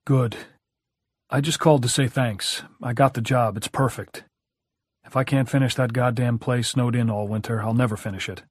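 A man voicing a strained middle-aged father and struggling writer who talks in a tense, hurried way. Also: mid-range voice, steady tone, husky, no room sound, studio quality, close to an everyday voice.

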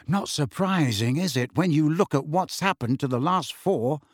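A man's voice: fairly high pitch, animated, moderate pace, dry recording. A man voicing a dry, sardonic teenage wizard twin in an audiobook. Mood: wry. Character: teenage wizard boy, wry prankster twin.

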